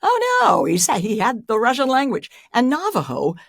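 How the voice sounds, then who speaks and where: A woman's voice: a little high, normal speed, dry recording. A middle-aged woman, an airline pilot and audiobook narrator, telling stories in a casual interview with frequent laughs and sudden rises for emphasis. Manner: animated storyteller, laughs often, voice jumps up for emphasis.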